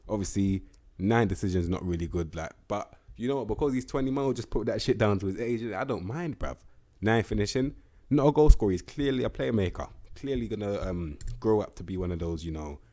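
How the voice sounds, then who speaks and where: Slangy young man, very deep voice. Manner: slangy, animated, swears freely. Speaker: gaming YouTuber. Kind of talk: casual game commentary.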